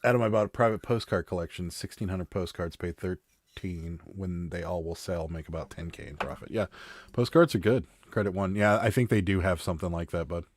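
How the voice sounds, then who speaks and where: A man's voice: deep voice, brisk, no room sound. A man hosting a live stream, chatting casually and joking as he reads viewer comments, with a Western Pennsylvania accent. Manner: rambling, joking, wry.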